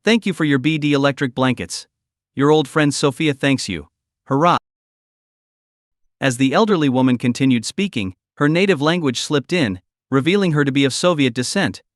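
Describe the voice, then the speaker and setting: A man narrating a recap story in a steady, scripted storytelling delivery. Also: a little high, dry recording, studio quality.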